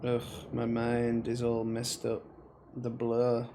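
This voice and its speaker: A man's voice: medium pitch, monotone, takes it slowly, warm tone. A man giving let's play commentary on a horror game, muttering and thinking aloud as he plays, with noise under the voice. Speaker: gamer playing a horror game.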